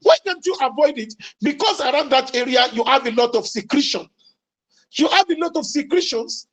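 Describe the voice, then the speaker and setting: A man giving a religious lecture as an Islamic preacher, deliberate and emphatic, quoting Arabic sayings and repeating key lines. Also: very high voice, animated, a bit bright, low-quality recording. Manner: quotes Arabic sayings then explains them.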